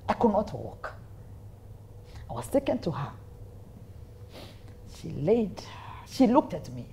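A woman with a Kenyan accent tells her faith story as an interview guest. Her pitch sits in the middle and swings widely as she builds the drama. She slips Swahili phrases into her telling. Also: big pitch swings, slow pace, vocal fry, dark tone, slight background noise. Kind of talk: personal faith testimony in an interview.

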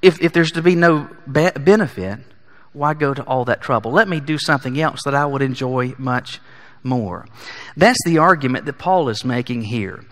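A man preaching a sermon, emphatic and building to forceful peaks. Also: mid-range voice, moderate pace. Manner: emphatic, rising to forceful peaks on key lines. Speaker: pastor. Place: church sanctuary. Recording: long church hall reverb.

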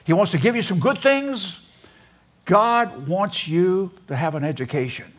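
A man's voice: high-pitched, expressive, normal speed. An older man giving a sermon in an auditorium, telling folksy childhood stories and acting out the voices in them. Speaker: preacher speaking in a seminary chapel. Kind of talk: storytelling sermon.

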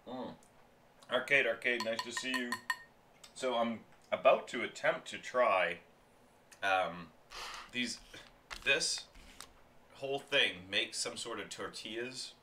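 A man's voice: medium pitch, takes it slowly, long pauses, bright, forceful tone, a little hiss or hum. A man casually reviewing food on a stream, rambling and chatty, often talking while he chews.

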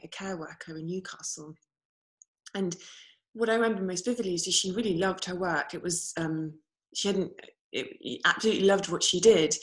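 A woman speaking as a panellist on an online discussion, telling a story in an earnest way over a video call. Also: lowish voice. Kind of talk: panel talk.

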